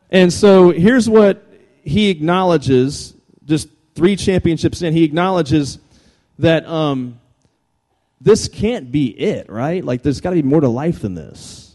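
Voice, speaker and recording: A man giving an animated, humorous talk to a live audience. He jokes, repeats phrases and keeps calling for the crowd's attention. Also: sits high. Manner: energetic, jokey, repeats phrases, calls for attention. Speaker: speaker addressing a live audience.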